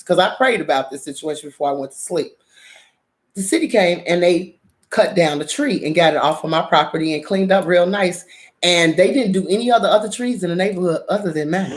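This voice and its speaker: A middle-aged woman telling a neighborhood story to her viewers, animated and profane, acting out everyone's lines. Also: mid-range voice. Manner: animated, profane, acts out quotes. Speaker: drama vlogger.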